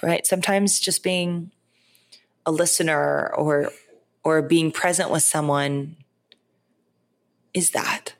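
A woman hosting a podcast, talking in a casual, animated way, full of "like" and "right?". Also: on the low side, unhurried, pauses often. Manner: animated, chatty, lots of "like" and "right?". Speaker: podcast host. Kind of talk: casual spiritual monologue.

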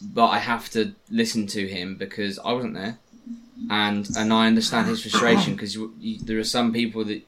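A man co-hosting a podcast, speaking earnestly and haltingly, repeating words. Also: on the low side, level tone, a bit bright. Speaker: podcast co-host. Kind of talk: casual chat.

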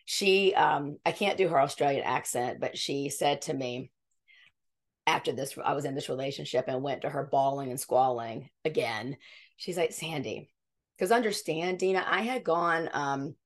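A woman's voice: low voice, normal speed. A woman in her fifties, a podcast guest telling her story in an earnest, rambling way, often restarting her sentences. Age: 50s. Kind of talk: conversational interview storytelling.

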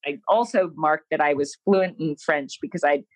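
A woman's voice: low-pitched, normal speed, poor audio. Frank woman telling her life story. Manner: frank, self-deprecating, animated when quoting herself. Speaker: interview guest. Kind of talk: candid personal storytelling.

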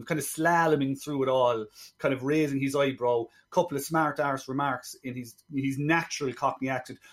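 Chatty man retelling a film plot. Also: mid-range voice. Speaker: film podcast co-host. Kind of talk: casual film review chat.

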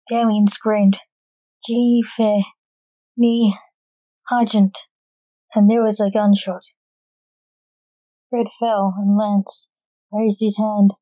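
A woman storyteller reading a story aloud in an even, measured way. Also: mid-range voice, no echo, rough recording.

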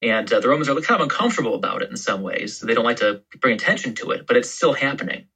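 A man's voice: mid-range voice, lively intonation, quick pace, vocal fry, sharp tone, breathy edge, low-quality recording. A man as a historian guest on a podcast interview, explaining history in long, loose storytelling turns.

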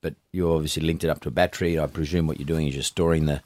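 A man's voice: very deep voice, steady tone, rapid-fire, a little mellow, no echo. An older Australian man hosting an interview, blunt and rambling with frequent restarts. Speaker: podcast host. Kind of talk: casual interview.

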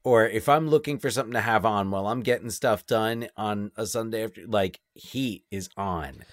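A man's voice: on the low side, normal speed, dry recording. Rambling man in a dry, close recording. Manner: rambling, with frequent restarts. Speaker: podcast co-host. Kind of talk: casual movie chat.

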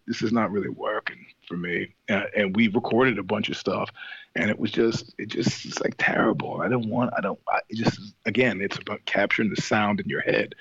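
Man, low gravelly voice, rambling, profane, many restarts, casual chat. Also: a bit bright, no echo, muffled recording. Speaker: podcast guest, singer and show host.

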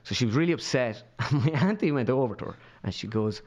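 A young Irish man, a podcast guest, telling a funny story in a loose, animated way and putting on voices of the people in it. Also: mid-range voice, quick pace, hardly any pauses, dull audio. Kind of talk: casual storytelling chat.

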